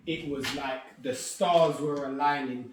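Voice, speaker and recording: A man's voice: medium pitch, fairly even intonation, takes it slowly. A man explaining ideas earnestly in casual chat. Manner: earnest, explaining, repeats you know what I'm saying. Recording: very echoey room, far mic.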